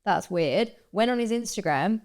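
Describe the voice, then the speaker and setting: An Australian woman hosting a podcast, telling a dating story in animated casual chat. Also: medium pitch, normal speed. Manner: animated storytelling, laughing often. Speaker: podcast host.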